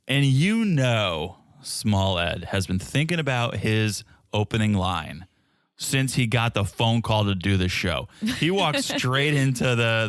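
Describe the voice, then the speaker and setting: A man's voice: lowish voice, a bit bright, no echo. A man co-hosting a podcast in casual chat, wry and teasing with dry jokes. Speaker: podcast co-host. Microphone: podcast microphone.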